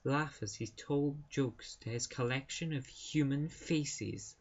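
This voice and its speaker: A man voicing a Scottish woman schoolteacher, reading a creepy tale slowly and ominously in a put-on Scottish accent. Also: mid-range voice, muffled recording. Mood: eerie storytelling.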